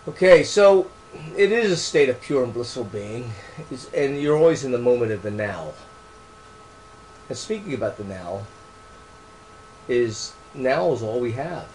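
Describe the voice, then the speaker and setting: A man explaining his training book in a casual, unscripted way, earnest and rambling, often restarting phrases and shifting between soft trailing words and loud emphatic bursts. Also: mid-range voice, expressive, a little slow, long pauses, slight background noise, rough recording.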